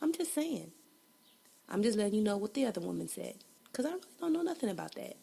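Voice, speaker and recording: A woman's voice: medium pitch, big pitch swings, fast talker, gravelly, mellow, slight background noise. A woman hosting a casual solo podcast, blunt and profane, laughing often, a bit congested. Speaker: podcast host.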